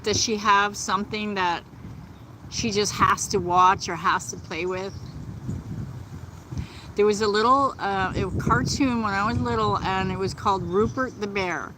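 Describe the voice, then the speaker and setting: A woman chatting gently on a live stream from outdoors, laughing often. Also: mid-range voice, a little hiss or hum, poor audio. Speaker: vlogger. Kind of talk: casual live-stream chat. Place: outdoors in nature.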